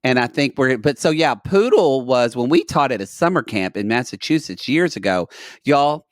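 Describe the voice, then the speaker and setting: Male podcast co-host, bouncy pitch, dry close mic, gossipy storyteller. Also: moderate pace, dry recording. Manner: chatty storyteller, animated quoting. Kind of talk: casual chat.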